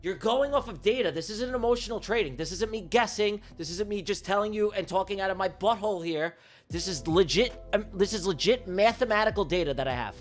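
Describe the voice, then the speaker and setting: A man with a high-pitched voice gives live day-trading commentary, hammering his points home by repeating them. He talks emphatically and swears casually. Faint music plays quietly behind him. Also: brisk. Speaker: livestream trading host.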